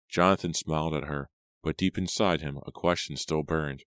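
A male audiobook narrator with an extremely deep, low voice and a steady, measured delivery. The sound is dry and close. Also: clean tone, no room sound.

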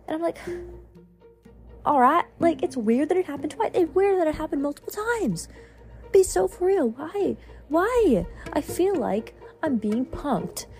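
A young woman telling a dating story in casual talk, exasperated and swearing. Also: a little high. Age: young adult. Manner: exasperated, swearing, animated retelling. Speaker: podcast host.

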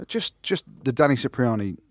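A man co-hosting a rugby podcast, talking in casual, animated banter and often restarting his sentences. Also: mid-range voice, normal speed, breathy edge, no room sound. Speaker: podcast co-host, rugby pundit. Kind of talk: casual chat.

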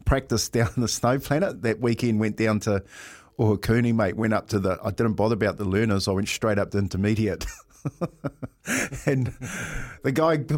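New Zealand male radio host, animated anecdote teller, laughs often. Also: mid-range voice. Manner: animated storyteller, laughs often, says "mate". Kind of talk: casual radio chat.

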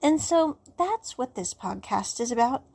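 A woman's voice: on the high side, expressive, a little slow, vocal fry, darkish tone, husky. A woman hosting a solo podcast, talking in a rambling, reflective way with many fillers. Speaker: podcast host.

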